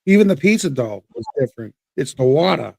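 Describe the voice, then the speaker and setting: A man's voice: medium pitch, very animated, a little fast, gravelly, a little mellow, slightly rough, dry recording. A man in a casual podcast chat. He rambles and repeats words as he restarts his sentences. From Boston. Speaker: co-host.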